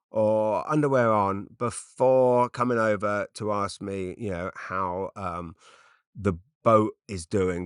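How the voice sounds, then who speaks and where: A man's voice: lowish voice, bright, forceful tone, clean tone, dry recording, clean studio sound. A middle-aged man from Britain, a comedian rambling through an unscripted solo podcast with lots of fillers and restarts, self-deprecating.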